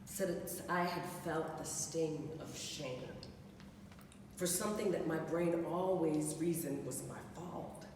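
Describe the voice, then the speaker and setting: A woman performing an autobiographical stage monologue, halting and repeating words. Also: low voice, background noise. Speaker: solo performer. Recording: echoey hall from far off.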